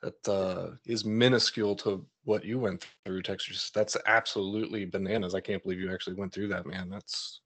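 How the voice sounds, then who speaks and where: A man's voice: low-pitched, fairly even intonation, normal speed, hardly any pauses, a bit bright. A man on a podcast, talking casually and hesitantly with lots of "like" and "you know.". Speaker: podcast co-host.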